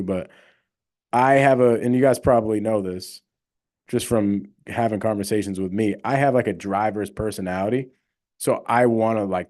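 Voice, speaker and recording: A young man, talking to his livestream viewers in a loose, rambling way. His voice sits a little low, and he leans hard on his points between plenty of fillers. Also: a little mellow. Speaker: livestream host, real estate wholesaler. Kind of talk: casual livestream chat.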